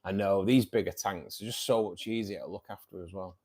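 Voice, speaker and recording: A man's voice: deep voice, fairly even intonation, brisk, a little mellow. A man hosting a fishkeeping livestream, chatting casually with viewers, joking and laughing often. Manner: jokey, laughs often, teasing. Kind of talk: casual chat reading viewer comments.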